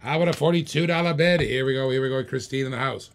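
Gravelly-voiced man calling a live auction. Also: mid-range voice. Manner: rapid repetitive bid calling, hyping bidders. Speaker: auctioneer host.

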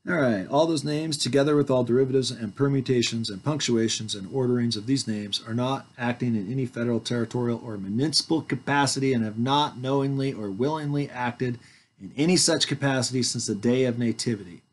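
A man's voice: medium pitch, fairly quick. Man in his forties reading legal papers aloud. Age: 40s. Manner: reads word by word, calling out punctuation, with asides to the audience.

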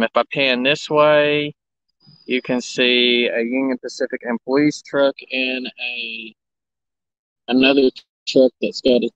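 A man with a mid-range, slightly bright voice livestreams from his phone next to the railroad tracks, chatting casually and naming viewers as he greets them. The recording is dry with the highs cut off, and background noise and running engines can be heard.

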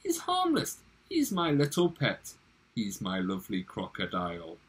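A man voicing a cheerful lady who owns a pet crocodile in a read-aloud poem, with a sing-song, scolding lilt and a husky edge. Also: lowish voice, wildly swooping pitch, unhurried, heavily acted.

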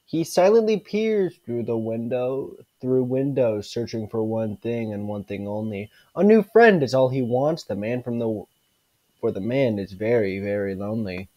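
A man reading a creepy rhyming storybook aloud, slowly and stumbling over words. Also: medium pitch, lively intonation, warm tone, no echo, muffled recording, voice pushed down, close to an everyday voice. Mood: eerie. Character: spooky storybook narrator.

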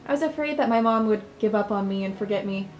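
A woman reading the first-person lines of a troubled young woman in a game, quiet and plain. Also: medium pitch, quick pace, roomy sound, faint music behind, natural voice, poor audio. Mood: reflective. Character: troubled young woman narrating her own story.

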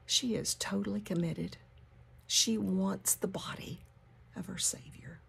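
A woman leading a Bible study, reading scripture and teaching. She drops into a hushed whisper for emphasis and repeats key phrases. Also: mid-range voice, measured pace, gravelly, slightly rough.

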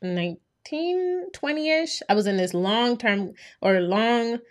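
A woman's voice: on the high side, slow pace. A young woman from New York hosting a podcast, telling a personal story in casual chat with lots of "like" and "right?". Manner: animated storyteller, frequent "like" and "right?". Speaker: podcast host.

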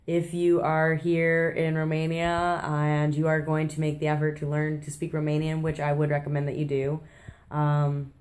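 A low-pitched American woman chats straight to camera in her apartment kitchen. Her talk is loose and self-deprecating, full of ums and little restarts, like a late-night confessional vlog. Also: completely flat delivery, normal speed, darkish tone. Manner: chatty, self-deprecating, many fillers and restarts. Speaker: travel vlogger.

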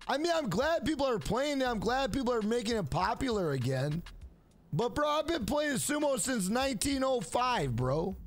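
A man streaming a game, chatting casually and telling rambling, profane stories to his viewers. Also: very high voice. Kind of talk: casual live-stream chat.

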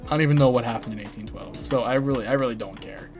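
A man's voice: mid-range voice, racing. A young American man streaming a game, teasing his chat and friends in casual banter. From United States. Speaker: gaming streamer. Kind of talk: casual live-stream chatter while playing. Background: faint music and keyboard typing.

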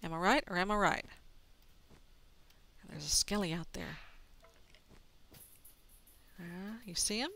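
A woman's voice: fairly low pitch, takes it slowly, pauses often, sharp tone. A woman giving playful, chatty commentary while she plays a video game, talking to herself as she goes. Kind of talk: gameplay commentary.

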